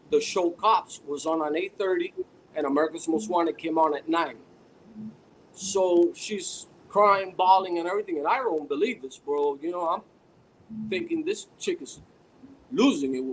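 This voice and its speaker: A man telling a long story in a casual podcast chat, rambling and animated with many restarts. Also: a little high, slight background noise, poor audio. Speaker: podcast guest.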